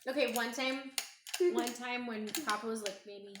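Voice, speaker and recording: Hoarse mother telling family stories. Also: a little high, fairly even intonation. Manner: gentle, unhurried, thinking aloud with hums and pauses. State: hoarse, strained voice. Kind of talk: casual storytelling to her child. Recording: echoey room with clear background noise.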